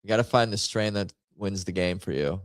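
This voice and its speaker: Low-voiced man joking through a party game. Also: a little fast, no room sound, clean studio sound. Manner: rambling, jokey, self-mocking commentary. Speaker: stream host playing party games. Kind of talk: casual game-stream chatter.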